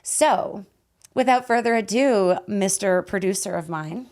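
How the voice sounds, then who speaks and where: A woman from Canada hosting a podcast, her voice hoarse and raspy, talking in a bubbly, emphatic way and laughing often. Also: medium pitch, measured pace, darkish tone. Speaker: podcast host and life guide. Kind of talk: casual podcast chat. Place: podcast studio.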